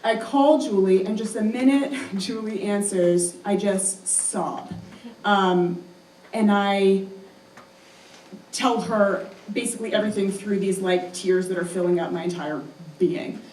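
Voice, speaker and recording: A woman's voice: medium pitch, unhurried, a little mellow, distant mic, slight background noise. A young woman telling a personal story live on stage, chatty and self-mocking, with lots of "um" and "like". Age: young adult. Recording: roomy live hall, voice from afar.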